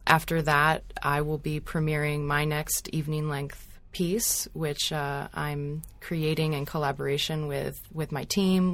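A woman choreographer talking on a panel, measured, with frequent fillers. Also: low-pitched, creaky. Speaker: choreographer guest. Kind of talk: panel discussion.

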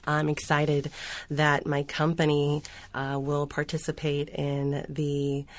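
A woman choreographer talking on a panel, halting, with repeated restarts. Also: low voice. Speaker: choreographer guest. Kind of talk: panel discussion.

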